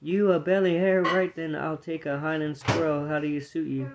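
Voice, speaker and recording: A man's voice: fairly high pitch, level tone, moderate pace, muffled recording, background noise, natural voice. A man voicing a jolly, lanky young male hare with a plummy, upper-crust manner, reading a storybook aloud. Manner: plummy, ends with "what".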